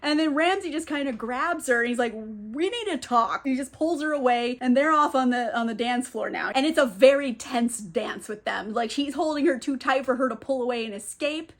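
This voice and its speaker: A woman's voice: sits high, a little fast, few pauses. A woman book reviewer giving a chatty, casual plot recap, full of "like" and laughs. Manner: chatty, fillers of "like", laughs often.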